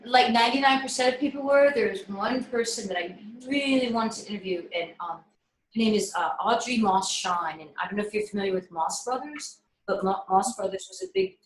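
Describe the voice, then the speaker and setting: A middle-aged woman filmmaker telling stories casually on a video call, animated and full of restarts. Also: medium pitch. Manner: animated, with frequent restarts and fillers. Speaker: filmmaker being interviewed. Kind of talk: casual conversational storytelling. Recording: echoey room on a video call.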